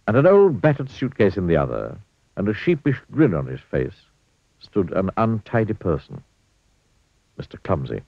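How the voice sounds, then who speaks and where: A man with a deep, husky voice reads a children's story aloud, swooping all over his range with playful expression. The sound is dull and lo-fi and very dry, with no room in it. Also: wildly swooping pitch, moderate pace, no echo.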